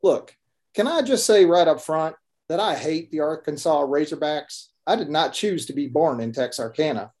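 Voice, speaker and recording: A man's voice: on the high side, lively intonation, normal speed, a little mellow, close to an everyday voice. A Midwestern man voicing a grumbling, joking Texan man with a Texas accent in a folksy, wry storytelling manner.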